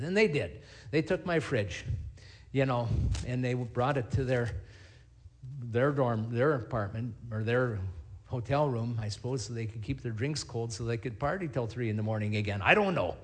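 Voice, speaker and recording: A middle-aged man, a pastor, preaching a sermon and telling stories in a lively, animated way. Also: mid-range voice, normal speed. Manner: storytelling, animated, acts out scenes.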